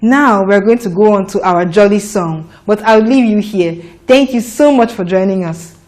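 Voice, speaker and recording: A woman teaching phonics to young children, patient and encouraging, drawing out each sound slowly and clearly. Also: mid-range voice, darkish tone.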